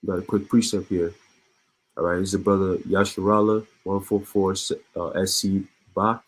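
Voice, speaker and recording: A low-pitched man reads the news aloud in a casual way and comments between the lines. His voice is husky. He repeats words and breaks off with short laughs. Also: little pitch movement, moderate pace, low-quality recording. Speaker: online commentator.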